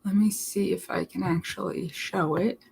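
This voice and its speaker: A woman's voice: fairly low pitch, steady tone, normal speed, creaky, a little mellow, slight background noise, low-quality recording. A woman live streaming, rambling casually to her chat in a blunt, profane way. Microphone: laptop mic.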